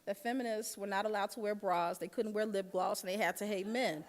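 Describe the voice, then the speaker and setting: A woman's voice: medium pitch, fairly even intonation, a little fast. Storytelling woman speaker in a hall. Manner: storytelling, engages audience directly. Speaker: keynote speaker. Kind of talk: keynote speech. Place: large dinner hall. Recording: long hall reverb.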